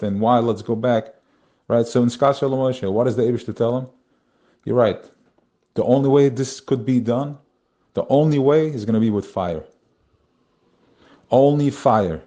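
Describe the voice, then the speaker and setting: Guy teaching torah live, kinda low mellow voice, repeats himself a lot. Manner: spiritual, searching, repeats phrases.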